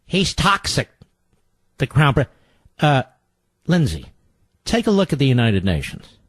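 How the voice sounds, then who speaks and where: A man's voice: medium pitch, wildly swooping pitch, unhurried, no echo. Older guy radio host mocking everyone, bouncy up and down delivery, dead dry mic. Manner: mocking, theatrical, swings between shouts and mutters. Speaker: radio talk show host. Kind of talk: sarcastic political radio monologue.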